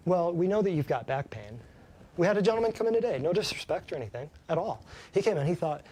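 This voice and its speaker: A man's voice: fairly high pitch, darkish tone. A man who works as a chiropractor, giving a folksy, emphatic health talk to a small live audience and keeps asking them questions.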